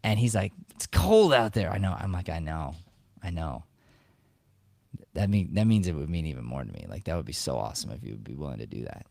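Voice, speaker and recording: A man's voice: very deep voice, very fast, vocal fry, few pauses, no echo. A man in his thirties hosting a podcast, chatting casually and acting out the lines of people in his stories. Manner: animated storyteller acting out quoted lines. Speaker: podcast host. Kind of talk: casual talk on acting and life.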